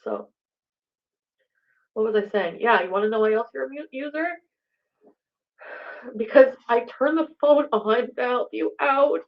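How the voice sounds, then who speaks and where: A woman's voice: fairly high pitch, creaky, highs cut off. A woman livestreaming, swearing heavily and raging at someone who is not there. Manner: swearing, raging, addressing an absent man. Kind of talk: angry livestream rant.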